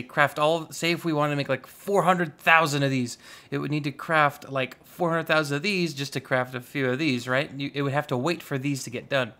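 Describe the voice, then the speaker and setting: A young man giving casual, goofy let's-play commentary, chatting excitedly with his viewers. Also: fairly high pitch. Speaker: gaming YouTuber.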